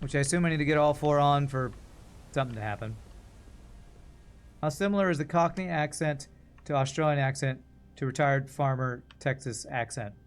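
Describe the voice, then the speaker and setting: A man streaming a puzzle game in a relaxed, musing way, whose sentences often trail off quietly. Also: a little high, moderate pace, long pauses, smooth. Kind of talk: casual gameplay commentary.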